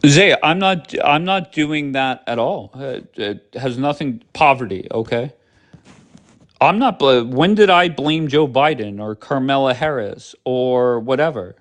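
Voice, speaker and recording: Animated but a little slow, this livestream host speaks at a medium pitch. He chats casually, swearing heavily and staying blunt and sarcastic throughout.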